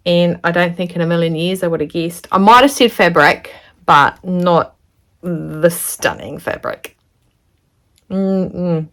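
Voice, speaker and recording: Gushing woman vlogger with a low voice. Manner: gushing, chatty, drops into soft whispers. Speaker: sewing vlogger. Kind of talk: casual unboxing chat to camera.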